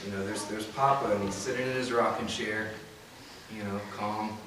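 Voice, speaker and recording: A man's voice: on the low side, steady tone, normal speed, background noise. A young man telling stories about his grandfather in a eulogy, with many "you know"s and restarts. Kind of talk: eulogy storytelling. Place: funeral service hall. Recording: echoey hall, mic from far off. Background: audience laughter.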